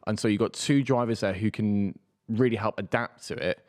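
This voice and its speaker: Low-voiced young man chatting. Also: fairly even intonation, a little fast, a little mellow. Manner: chatty, restarts words while explaining. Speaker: podcast co-host. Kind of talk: casual chat.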